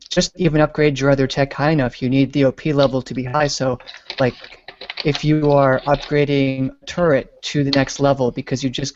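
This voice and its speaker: A man's voice: medium pitch, darkish tone, highs cut off, a little hiss or hum. A man talking loosely about a game in a casual group discussion, with fillers and jokes. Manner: rambling, joking, with fillers. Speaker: podcast panelist.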